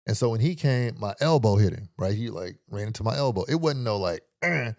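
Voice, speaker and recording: Animated, profane Bay man telling a story. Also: lowish voice, fairly quick, no room sound, studio quality. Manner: animated, profane, uses vocal sound effects. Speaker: podcast host. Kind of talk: storytelling commentary.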